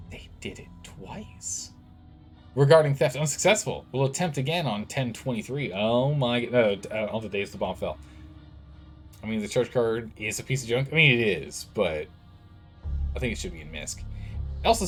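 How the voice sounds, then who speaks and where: A man streaming a video game, chatting casually with viewers and reading game text aloud. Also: mid-range voice. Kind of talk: casual let's-play chat with stream chat.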